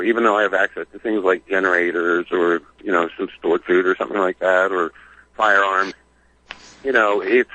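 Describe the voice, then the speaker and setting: Over a dull radio phone line, a Philadelphia man who calls in regularly chats on air, hesitant and rambling, full of fillers. His voice is on the low side with a sharp tone, and the recording is dry.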